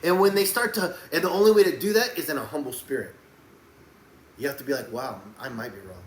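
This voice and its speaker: A man preaching a sermon, swinging between fiery shouts and soft, hushed passages. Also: fairly high pitch, sing-song, quick pace. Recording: echoey room with faint background noise.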